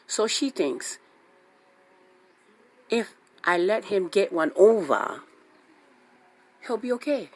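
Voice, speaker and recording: With long pauses and a slow, mid-range voice, a female radio host recounts something from her own life. She is animated, voicing each character she quotes and saying things twice for emphasis, all in a casual tone.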